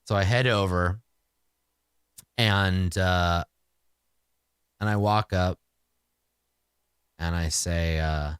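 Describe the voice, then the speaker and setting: A man's voice: deep voice, fairly even intonation, drawn-out words, long pauses, a bit bright, clear, resonant tone, dry recording, studio quality. A man narrating a solo tabletop game in a casual, profane, exasperated ramble.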